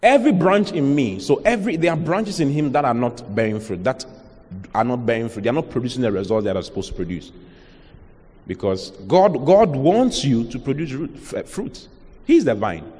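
A man with a Ghanaian accent delivers an emphatic sermon at a mid-range pitch, throwing rhetorical questions at his listeners. His voice carries a long reverb from the hall around him. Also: very animated, normal speed, warm tone, husky. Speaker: pastor.

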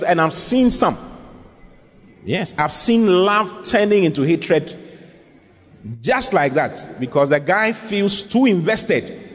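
A male pastor giving earnest, emphatic counsel during a sermon Q&A, often repeating his points. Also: on the high side. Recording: long reverb in a large hall.

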